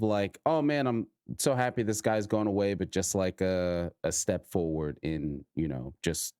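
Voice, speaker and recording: A man in his thirties co-hosting a podcast, speaking in an earnest, reflective, halting way in casual chat. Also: fairly low pitch, darkish tone, clean tone, dry recording, clean studio sound. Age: 30s. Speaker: podcast co-host.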